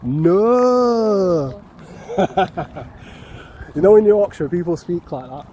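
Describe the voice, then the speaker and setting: A man's voice: high voice, lively intonation, quick pace, warm tone, a little hiss or hum, rough recording. A man with a Mancunian accent chatting to his viewers in a casual, jokey walking vlog outdoors, swearing freely. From North West England. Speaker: vlogger. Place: outdoor parkland.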